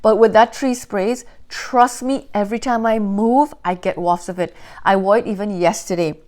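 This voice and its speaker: A woman's voice: mid-range voice, moderate pace. A woman reviewing fragrances in a casual chat to camera, telling stories with lots of enthusiasm. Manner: enthusiastic, animated storytelling. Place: Canada.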